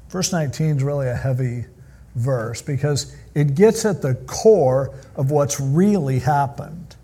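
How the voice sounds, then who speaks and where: A male pastor preaching a sermon in an animated, conversational style as he retells a Bible story. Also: mid-range voice, unhurried, slightly rough.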